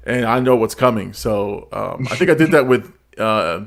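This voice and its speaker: A man's voice: mid-range voice, moderate pace, creaky. A man hosting a live stream, chatting casually, laughing often and repeating words as he reads chat aloud.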